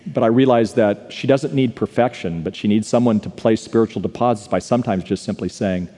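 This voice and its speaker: A man's voice: lowish voice, brisk, dark tone. A man telling a personal story during a live sermon in a large church, earnest and confessional, building to repeated declarations. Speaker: speaker. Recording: live hall recording.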